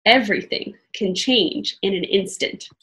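A woman reading aloud gives voice to a calm, kindly monk from a storybook. He speaks solemnly and in measured, old-fashioned phrases. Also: sits high.

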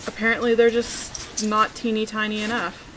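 Woman, casual gameplay chat, rambling, thinks out loud, giggly, middle-pitched voice, faint background hiss. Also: completely flat delivery, normal speed. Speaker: co-host of a gaming channel. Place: at home on a desktop computer.

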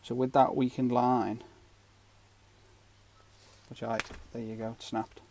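A man's voice: medium pitch, flat delivery, slow, mellow. Chatty man teaching fishing knots. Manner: chatty, rambling, jokey asides. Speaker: fishing channel host. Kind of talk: casual knot-tying tutorial.

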